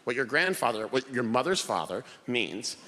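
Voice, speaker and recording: A man's voice: medium pitch, very animated, normal speed, long reverb tail, noisy background, voice pushed down, natural voice. A man voicing a flustered father who anxiously explains things to his child.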